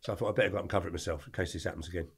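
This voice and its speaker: Fast-talking older man telling stories. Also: low voice, husky. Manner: animated, colourful anecdotes with plenty of slang. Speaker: podcast guest. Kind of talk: storytelling interview.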